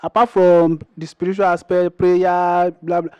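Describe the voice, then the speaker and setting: A man's voice: high-pitched, flat delivery, a little slow, warm tone, clean tone, no room sound, dull audio. A man hosting an interview, prompting his guests with short affirmations and questions. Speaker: interview host. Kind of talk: interview chat.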